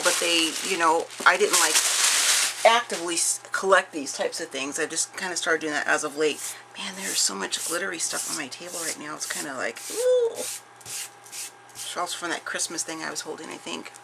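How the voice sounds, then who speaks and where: A woman's voice: fairly low pitch, gravelly, heavy background noise. A middle-aged woman showing off a craft haul in chatty show-and-tell style, gushing over each piece with many fillers and restarts. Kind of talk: casual show-and-tell chat.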